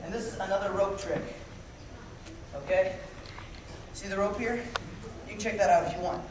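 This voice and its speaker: In an echoey hall, heard through a distant mic over a loud crowd, a man with a high-pitched voice hosts a jokey magic show for kids at camp. He moves at a moderate pace, talking to the children and calling volunteers forward.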